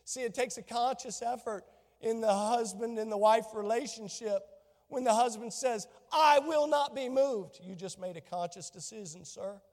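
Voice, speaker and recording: A male pastor delivers an animated sermon, slipping into the voices of the people in his scripture story. His voice sits very high for a man. The sound carries the long reverb of a church hall. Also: normal speed. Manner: animated preaching, acts out biblical dialogue.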